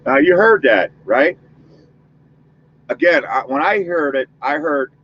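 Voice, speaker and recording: A man's voice: medium pitch, normal speed, a bit bright. Rambling man with dull lo-fi sound. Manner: chatty, rambling, leads a spoken protection prayer. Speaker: paranormal investigator host. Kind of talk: casual talk to an audience.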